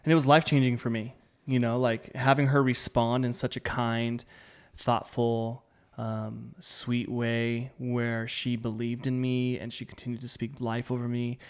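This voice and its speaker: A man's voice: mid-range voice, level tone, measured pace, clean tone. A man speaks in a casual podcast chat, candid and plainspoken. He puts firm emphasis on his points. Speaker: podcast co-host, husband.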